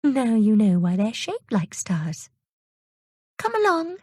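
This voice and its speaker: Woman voicing a gentle sea fairy girl. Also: on the high side, huge pitch swings, takes it slowly, slightly rough, no room sound, studio quality, voice pushed up, full character voice.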